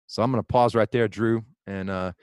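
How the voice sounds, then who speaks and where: A man's voice: lowish voice, fairly even intonation, a little fast, darkish tone, clean tone, no echo. Man, podcast co-host, earnest sermon-like talk, frequent ums, dry close sound. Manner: earnest, reads quotes aloud with many fillers and restarts. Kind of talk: casual podcast talk, preaching on theology.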